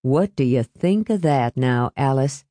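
A woman's voice: very deep voice, animated, unhurried, warm tone, no room sound, voice pushed down. A woman voicing a pompous, smarmy older male family friend who talks in a preachy, unctuous way.

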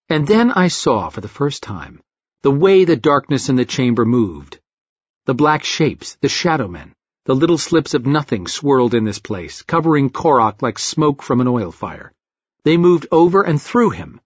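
A man narrating a first-person story in an expressive, wry way, with a husky voice. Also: mid-range voice, no room sound. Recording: dull dry lo-fi recording.

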